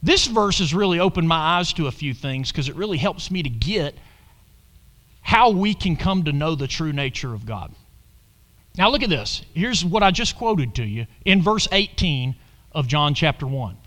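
A man preaching with a high, bright voice that swings up and down. He sounds animated and keeps questioning the congregation and calling for an "Amen." His delivery rises and falls widely. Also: normal speed. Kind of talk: sermon.

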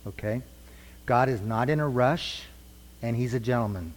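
In a recording with long hall reverb, a middle-aged man leads a church group in a conversational lesson, posing questions and echoing the replies. He speaks at medium pitch and normal speed.

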